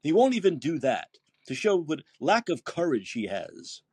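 A man's voice: a little high, sing-song, moderate pace, a little mellow, slightly rough, no echo. A man hosting a political call-in podcast, ranting with rhetorical questions and quoting posts from his feed. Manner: heated, indignant, swearing, rhetorical questions; reads listener posts aloud. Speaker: podcast host. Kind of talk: political commentary monologue.

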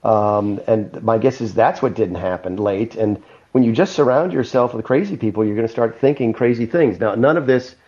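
Measured middle-aged man with a mellow voice. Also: medium pitch, highs cut off. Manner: measured, explanatory, with frequent restarts. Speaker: guest, former White House chief of staff. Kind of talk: conversational interview answer.

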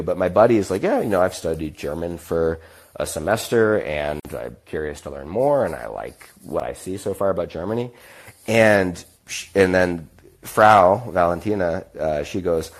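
With a deep voice and lively intonation, this young American podcast host wanders through a travel anecdote at an ordinary pace. Whenever he quotes someone, he performs their lines in a different voice.

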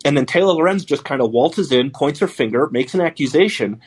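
Blunt, husky-voiced male podcast host. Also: a little high, expressive, fairly quick. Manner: blunt, profane, rambling with many restarts. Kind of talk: casual commentary.

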